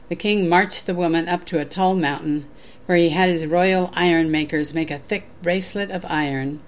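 A woman giving a sermon, reading a story aloud in a measured, clear way. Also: on the low side.

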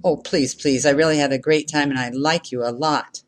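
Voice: mid-range voice, steady tone, normal speed, lightly acted. A minister voicing a young man on a first date who begs for a goodnight kiss. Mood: wheedling. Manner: wheedling, pleading.

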